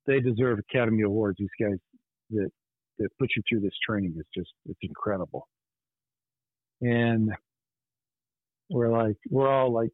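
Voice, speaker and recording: A podcast host telling a personal story in an earnest, intense way. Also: male voice, mid-range voice, no room sound. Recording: tinny phone-like line, dry.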